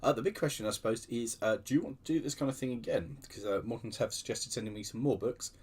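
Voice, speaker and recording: A livestream host talks fast in a medium-pitched, slightly rough, a little mellow voice, rambling in a self-deprecating way and restarting his sentences often. Keyboard typing can be heard behind him.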